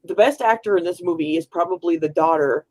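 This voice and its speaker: A woman co-hosting a podcast, giving blunt, quick asides in casual film chat. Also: on the low side, a little mellow. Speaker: podcast co-host.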